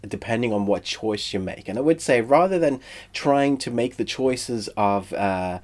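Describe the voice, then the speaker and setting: A man with a head cold and a stuffy, congested voice, giving a chatty, relaxed spoken review. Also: lowish voice. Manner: chatty, relaxed, uses fillers. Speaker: film and TV reviewer.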